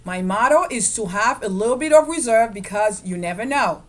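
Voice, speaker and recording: A woman teaching a real estate investing lesson in a lively way, stressing key words and checking in with her viewers. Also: on the high side, normal speed. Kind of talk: screen-share investing lesson.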